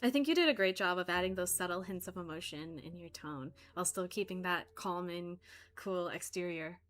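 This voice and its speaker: A woman's voice: lowish voice, a little fast, a bit bright, faint music behind. A woman chatting casually with fellow voice actors on a voice call, gushing with praise and full of fillers. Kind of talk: casual chat among voice actors.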